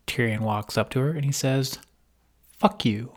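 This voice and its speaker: A man's voice: medium pitch, fairly quick. A man from Ohio co-hosting a podcast, recapping a show in casual, profane, joking chat. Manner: profane, jokey, acts out characters' lines. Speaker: podcast co-host.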